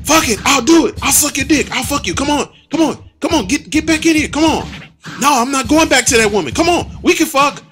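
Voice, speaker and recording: A man voicing a panicked teenage girl in a shrill, desperate falsetto. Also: expressive, fairly quick, fairly bright tone, soft background music. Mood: frantic. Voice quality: shrieking falsetto.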